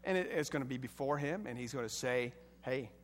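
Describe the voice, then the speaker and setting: A middle-aged man preaching a sermon as pastor, emphatic and building to loud bursts. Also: medium pitch, fast talker, in a large hall, a little hiss or hum.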